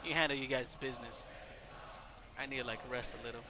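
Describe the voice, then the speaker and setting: A man giving casual let's play commentary over a wrestling game, excitable and swearing, yelling at the game and shouting out moves. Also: medium pitch, quick pace. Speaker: gameplay commentator.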